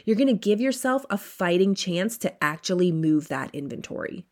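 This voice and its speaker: A woman hosting a solo podcast, coaching retail owners in a chatty, upbeat way and acting out her listeners' inner voices. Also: fairly low pitch.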